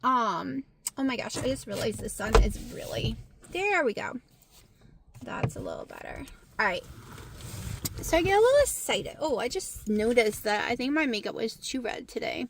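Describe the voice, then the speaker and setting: Blunt Southern woman, fairly high voice. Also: moderate pace, creaky, background noise. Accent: Southern American. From Southern United States. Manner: gets loud and animated when excited; frank and blunt, swears freely. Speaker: vlogger. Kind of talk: casual talk to camera.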